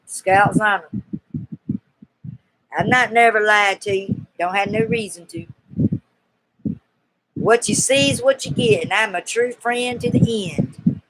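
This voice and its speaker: A woman's voice: mid-range voice, slow pace, pauses often, fairly bright tone, no echo, poor audio. A woman with a Southern US accent hosting a casual live-stream Q&A, chatty, folksy and teasingly coaxing her viewers.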